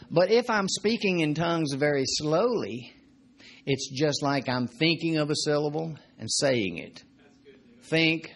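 A man's voice: fairly high pitch, creaky, husky. A man preaching a sermon in a conversational, joking way, often repeating his points. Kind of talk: sermon teaching.

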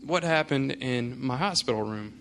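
A man's voice: medium pitch, lively intonation, normal speed, a bit bright, slight background noise. A male pastor telling a personal story in a casual, rambling way before turning to his sermon. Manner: casual storytelling, many fillers.

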